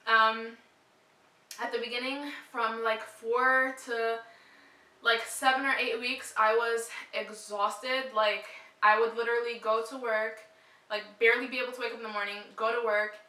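A woman's voice: a little high, flat delivery, normal speed, sharp tone, echoey room, distant mic, rough recording. A young woman vlogger chatting casually to camera, short of breath, with a lot of "like" and "um". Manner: chatty, frequent "like" and "um" fillers.

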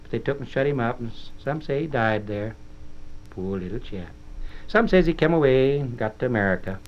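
A man's voice: mid-range voice, expressive, fairly quick, slight background noise. Folksy man reading a backwoods boy's tale. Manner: folksy, plain-spoken rural dialect. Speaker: storyteller reading as a boy narrator. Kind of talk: dramatic storybook reading. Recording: dull 1961 record.

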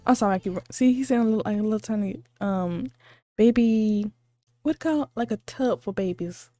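A woman hosting a reaction video, gushing with excited, squealing exclamations and repeating herself, a little sleepy because it is late at night. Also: medium pitch, brisk, soft background music. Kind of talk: excited casual reaction commentary.

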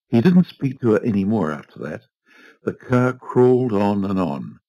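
A man narrating a short story aloud in a measured, expressive reading. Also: lowish voice, no echo, rough recording. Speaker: reader. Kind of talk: audiobook narration.

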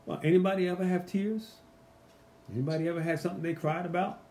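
A man teaching a casual Bible study, animated and emphatic, asking the group rhetorical questions. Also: sits high, fast talker.

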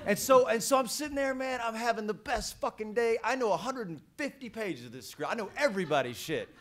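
On a press conference panel, a man with a high voice tells an animated story about acting. He talks fairly quickly, swearing and repeating words.

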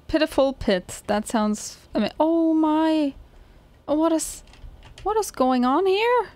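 A woman's voice: sits high, sing-song, slow, pauses often, a little mellow, faint music behind. A woman giving casual let's play commentary, chatty and easily startled. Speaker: gaming channel host.

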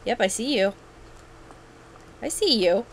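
A young woman giving casual, excitable commentary while playing a video game, with sudden yelps and running chatter. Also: mid-range voice, slow, low-quality recording. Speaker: let's play gamer.

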